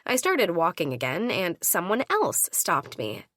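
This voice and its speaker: Woman reading an audiobook, voice low-ish but bouncy, switches up voices for each character. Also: a little slow, dry recording, clean studio sound. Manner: voices each character with lively shifts in pitch. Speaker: audiobook narrator. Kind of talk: first-person audiobook narration.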